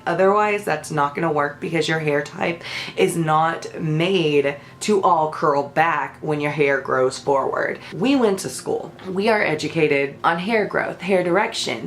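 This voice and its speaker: A young woman with a lowish voice gives salon advice in a vlog. She is blunt and sassy, and sounds exasperated as she lays down the rules. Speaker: hair stylist. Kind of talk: instructional vlog.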